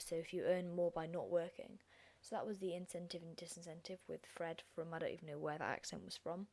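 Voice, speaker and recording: A young woman with a croaky, hoarse voice, hosting a chatty, self-deprecating revision lesson. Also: on the low side, warm tone. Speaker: revision video host.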